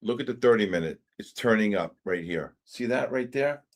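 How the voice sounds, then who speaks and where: A man hosting a live trading stream, talking excitedly through charts, exclaiming and repeating himself. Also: on the low side, normal speed. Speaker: trading livestream host.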